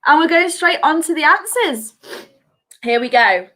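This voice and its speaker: A woman's voice: high-pitched, expressive, measured pace, bright, forceful tone. A woman hosting a live online quiz from home, chatty and giggly, reading out answers in a sing-song lilt over a video call mic. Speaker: quiz host.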